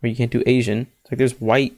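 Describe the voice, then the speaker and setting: A man's voice: mid-range voice, flat delivery, quick pace, darkish tone. A man chatting casually on a stream, joking and rambling with many fillers. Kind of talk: casual chat.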